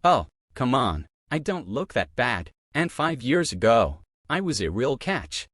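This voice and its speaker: A man voicing an older man who jokes gently about himself. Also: medium pitch, very animated, measured pace, dry recording, studio quality, exaggerated voice. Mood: wistful.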